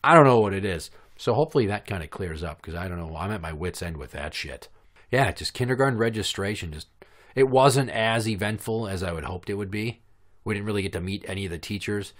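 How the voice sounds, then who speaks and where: An animated, brisk male podcast host in his thirties tells stories in a loose, sarcastic, foul-mouthed style. He slips into a high voice when imitating kids.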